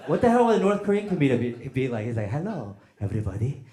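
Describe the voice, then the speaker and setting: A man's voice: a little high, sing-song, racing, warm tone. Stand-up comic man in an echoey club. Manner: conversational, riffing with the crowd, acting out voices. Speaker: stand-up comedian. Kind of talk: stand-up comedy set. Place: comedy club stage with live audience. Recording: echoey club with audience noise.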